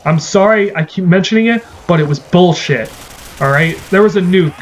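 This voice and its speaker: A man with a slightly high voice talks through a zombie game in a loose, rambling way, cursing whenever things go wrong. Faint game noise sits behind him. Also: normal speed. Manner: chatty, rambling, swears when frustrated. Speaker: gaming channel host. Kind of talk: casual gameplay commentary.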